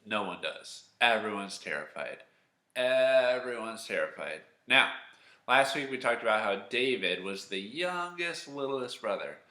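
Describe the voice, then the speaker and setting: A man teaching children, telling a Bible story in a chatty, animated way, acting out the characters and asking the kids questions. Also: medium pitch, unhurried, echoey room.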